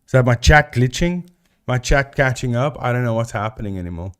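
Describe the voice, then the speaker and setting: Chatty animated man streaming live. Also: medium pitch, fairly quick, clean tone. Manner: chatty, talks to chat and thinks aloud. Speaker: live-stream host debunking ghost videos. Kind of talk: casual live-stream commentary.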